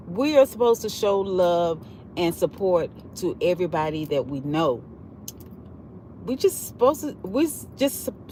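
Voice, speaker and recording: A woman hosting a casual livestream from her car while she drives, rambling and repeating herself in a heartfelt way. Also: lowish voice. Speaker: livestream host. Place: in a car on the road. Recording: loud road and traffic noise.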